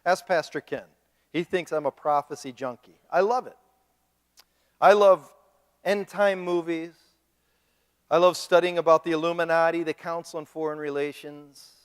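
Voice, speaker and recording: A man preaching a sermon as pastor, animated and joking, mimicking the people he talks about. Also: a little high, clean tone. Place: church sanctuary. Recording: long reverb of a church hall.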